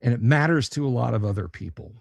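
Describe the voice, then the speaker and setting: A man's voice: mid-range voice, animated, quick pace, gravelly, dry recording, studio quality. A man hosting a casual livestream chat for his tabletop gaming channel, blunt, sarcastic and profane.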